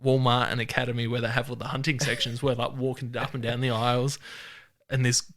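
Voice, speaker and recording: An Australian man hosts a podcast in an easy, casual chat. His voice is bright and forward at a middle pitch. He tells relaxed stories, now and then acting out the lines of people he met. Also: a little fast. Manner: laid-back storytelling, swearing and acting out other people's lines. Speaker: podcast host.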